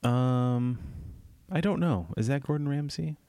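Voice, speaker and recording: A man's voice: mid-range voice, unhurried, mellow, smooth, no echo, clean studio sound. A man co-hosting a podcast, talking in a laid-back, rambling, joking way. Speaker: podcast co-host. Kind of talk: casual chat.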